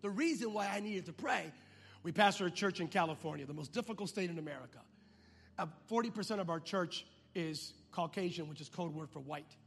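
A man pastor telling a story in a sermon, animated and acting out the dialogue. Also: high-pitched, fairly quick, gravelly, a little hiss or hum. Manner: animated, acts out dialogue in voices. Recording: long reverb of a large hall.

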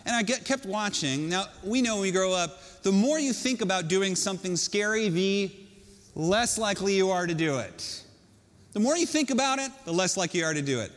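High-voiced male storyteller, animated and self-mocking, talking to a crowd, long hall reverb. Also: moderate pace. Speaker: speaker telling a personal story. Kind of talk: storytelling talk to an audience.

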